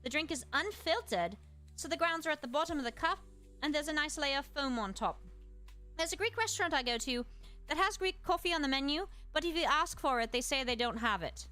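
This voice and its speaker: A woman streamer in casual chat, reading aloud and musing with quick asides to her chat. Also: high voice, expressive, sharp tone, faint music behind. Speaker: streamer host.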